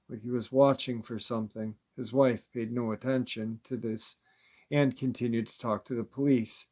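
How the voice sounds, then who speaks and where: A man's voice: medium pitch, darkish tone. Man steadily reading eerie encounter stories. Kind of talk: scripted narration.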